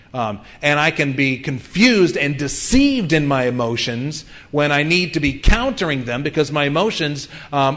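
A man in his fifties delivers a sermon in a plain, conversational way. He sounds earnest and speaks at an ordinary mid pitch, often pausing on an um. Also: a bit bright. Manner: earnest, conversational preaching with frequent ums. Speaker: pastor.

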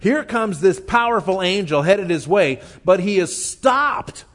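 Earnest male preacher, slightly higher voice. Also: expressive, fairly bright tone. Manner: earnest, emotional, slows down to stress points. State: tearful, choked up. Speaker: pastor. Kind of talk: sermon, reading scripture and explaining it.

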